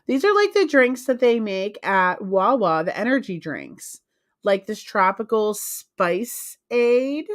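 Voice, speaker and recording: A woman's voice: medium pitch, very animated, takes it slowly. A woman co-hosting a live home stream, chatting casually and insisting on her point, spelling words out letter by letter. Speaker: co-host of a live reselling stream. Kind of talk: casual chat.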